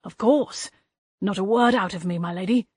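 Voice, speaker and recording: A woman voicing the formal, courtly ghost of an old male English gentleman in an audiobook. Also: medium pitch, moderate pace, slightly rough, no room sound, lightly acted. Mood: eager, courtly.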